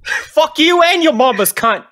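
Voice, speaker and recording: A man voicing a short, foul-mouthed male dwarf with a ginger beard and an Australian accent, yelling and cursing. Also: very high voice, expressive, unhurried, crowd noise, pitched above the performer's own voice. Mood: insulting. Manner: aggressive, swearing, yelling.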